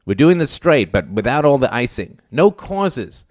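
A man's voice: mid-range voice, sing-song, normal speed, no room sound, studio quality, pitched above the performer's own voice, close to an everyday voice. A man reading an audiobook and voicing a terse young male singer who answers bluntly. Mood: firm. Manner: blunt, firm, short replies.

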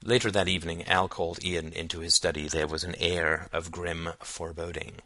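A man narrating a novel as an audiobook reader, in plain, even storytelling. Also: sits low, a little fast, no room sound.

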